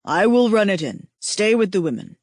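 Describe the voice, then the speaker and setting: A woman's voice: medium pitch, big pitch swings, moderate pace, no echo. A woman reading as a grim alien hunter who speaks in short, clipped lines. Close, dry sound with little change from her own voice. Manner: grim, terse.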